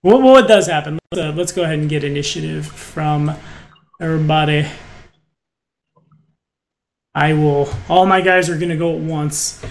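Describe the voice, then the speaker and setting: A fairly high-voiced man runs a tabletop session as game master. He drifts into rambling side comments and dry jokes, with a faint hiss of noise under his voice. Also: moderate pace, pauses often. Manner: rambling, wry asides.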